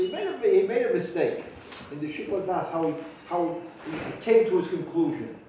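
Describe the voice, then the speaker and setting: A man rabbi teaching a halacha class, talking with halting restarts and sudden emphatic rises in pitch. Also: darkish tone, a little hiss or hum. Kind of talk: spoken Torah lecture. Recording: very echoey room from far off.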